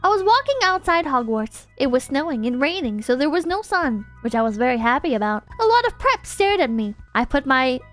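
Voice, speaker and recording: A woman's voice: high voice, big pitch swings, brisk, few pauses, soft background music. A young adult woman streamer doing a mocking comedic reading with sarcastic asides.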